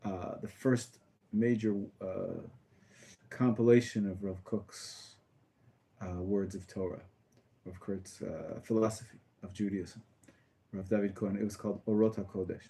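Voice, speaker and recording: A man teaching a small class as a rabbi, talking casually about a text with halting phrasing, many fillers and restarts. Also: on the low side, fairly even intonation, creaky, warm tone, slight background noise.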